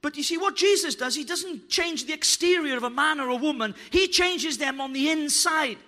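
A man preaching a sermon, fervent and joking, building to shouted declarations. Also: extremely high pitch, normal speed. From Wales. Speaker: pastor. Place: church hall.

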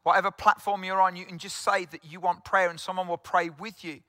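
Welsh-born male pastor, middle-aged, earnest sermon voice, high pitch, dry close sound. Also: flat delivery, a little fast, bright, forceful tone, dry recording. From South Wales. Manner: earnest, direct address, repeats phrases for emphasis. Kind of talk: sermon to an online congregation.

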